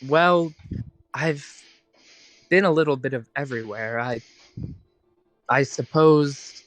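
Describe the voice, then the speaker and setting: A man's voice: mid-range voice, slow, dry recording, natural voice. A man voicing a polite, modest young rogue who speaks hesitantly. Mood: coy.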